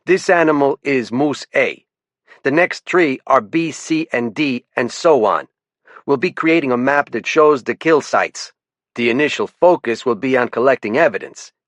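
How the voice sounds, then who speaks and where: A man's voice: medium pitch, moderate pace, fairly bright tone, no echo, voice pushed up, lightly acted. A man voicing a theatrical, pompous game warden lieutenant with a sing-song francophone accent. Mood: commanding. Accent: francophone Maine French. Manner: sing-song lilt, speechifying.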